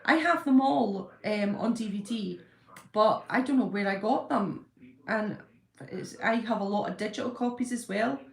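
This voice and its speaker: A woman's voice: medium pitch, normal speed, vocal fry. A woman in her fifties hosting a casual live stream, greeting viewers and reading their comments aloud in a chatty way with many ums and apologies. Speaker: livestream host. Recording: roomy echo.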